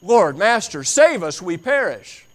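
A man preaching who voices panicked male disciples crying out for rescue in a storm, shouting high and frantic. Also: big pitch swings, unhurried. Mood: panicked pleading.

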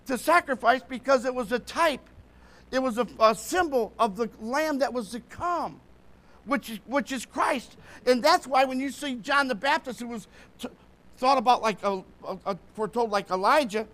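Male preacher, high and bright, fervent, keeps checking that the church is with him. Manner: fervent, often asks the congregation to follow along. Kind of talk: sermon.

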